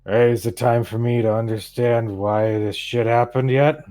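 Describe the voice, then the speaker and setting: Loud, crude, slurring drunkard, put on by a male game master; sneering and rowdy. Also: medium pitch, steady tone, normal speed, close to an everyday voice. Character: belligerent drunk human man, swearing.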